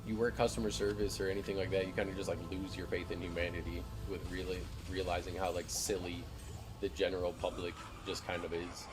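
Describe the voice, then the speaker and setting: Low-voiced man ranting while gaming. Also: level tone, fairly quick, music in the background. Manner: profane, ranting storyteller. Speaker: streamer. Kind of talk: casual gaming stream chat.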